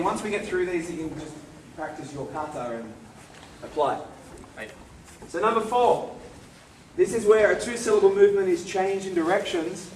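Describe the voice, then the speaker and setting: A man leads a karate seminar as the instructor, demonstrating techniques and checking in with participants. His voice is fairly high, with slight background noise, and the echoey hall is recorded from far away.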